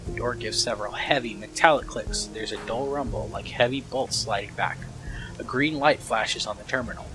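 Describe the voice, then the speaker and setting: A man hosting a let's play, reading the game's text aloud in a plain, steady way. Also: medium pitch, normal speed, over music, low-quality recording.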